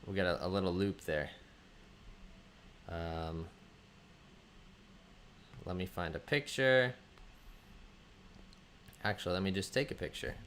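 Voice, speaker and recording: A man with a fairly low voice hosts a relaxed live stream from home and calls out viewers by name. He rambles along with frequent ums and restarts. A faint hum sits under his desk mic. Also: unhurried, pauses often. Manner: chatty, greets viewers by name, thinks aloud with ums. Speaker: livestream host. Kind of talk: casual livestream chat.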